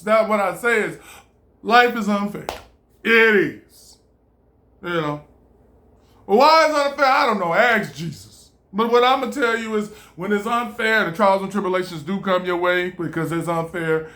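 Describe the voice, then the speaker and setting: A man giving an animated, preachy motivational monologue, laughing often and swearing freely. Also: high-pitched, moderate pace. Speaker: vlogger.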